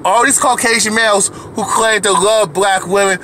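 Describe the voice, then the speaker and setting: A man's voice: sits high, fairly even intonation, moderate pace, bright, forceful tone, a little hiss or hum. A man delivering an angry, profane rant to camera as a video commentator, heated and repetitive, often restarting his sentences.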